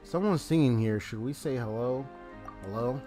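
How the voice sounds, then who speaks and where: A man's voice: mid-range voice, normal speed, dark tone, soft background music, close to an everyday voice. A man reading aloud the lines of a small chatty female fairy companion in his plain voice. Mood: curious. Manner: reads game dialogue aloud in a plain voice.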